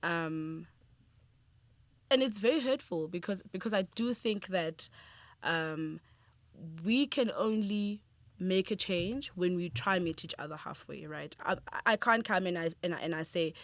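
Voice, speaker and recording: A woman's voice: lowish voice, unhurried, dry recording. Woman guest, earnest and reflective, mid-range voice, dry close studio sound. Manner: earnest and reflective, many restarts, laughs easily. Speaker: guest, film director and screenwriter. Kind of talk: conversational podcast interview.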